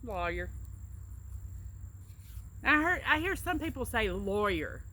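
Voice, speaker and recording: Chatty Southern woman with bright voice. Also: high-pitched, big pitch swings, moderate pace. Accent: Southern US, Alabama. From Alabama, US. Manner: chatty, explains words with anecdotes. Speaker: co-host, travel agent. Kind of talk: casual accent-tag chat.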